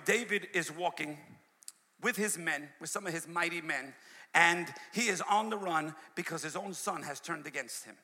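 A male preacher delivering a sermon, swinging from shouts to hushed asides and calling out to his congregation. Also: a little high, long reverb tail. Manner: call-and-response preaching, shouting and dropping to a hush. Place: church sanctuary.

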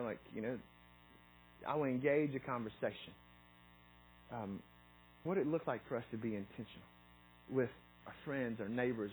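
Middle-aged guy preaching, kinda husky, chatty, keeps restarting his sentences. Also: mid-range voice, low-quality recording. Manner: conversational, repeats words and restarts often; reads scripture aloud. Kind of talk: sermon.

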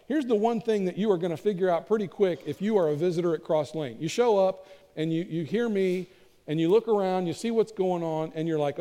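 A man's voice: high voice, a little fast, mellow. A man pastor preaching a conversational, self-deprecating sermon in a church, often repeating words. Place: church sanctuary. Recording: long church reverb.

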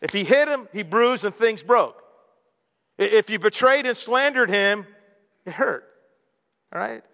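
A man's voice: high voice, animated, unhurried, gravelly, bright, forceful tone. Male pastor, sermon, earnest conversational preaching, rhetorical questions, long hall reverb.

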